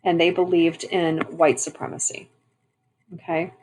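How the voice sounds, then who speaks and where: A woman's voice: lowish voice, little pitch movement, measured pace, a little mellow, a little hiss or hum, low-quality recording. A woman teaching a history lesson, switching between reading a passage aloud and explaining it in a chatty way with fillers and restarts. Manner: conversational, frequent fillers and restarts.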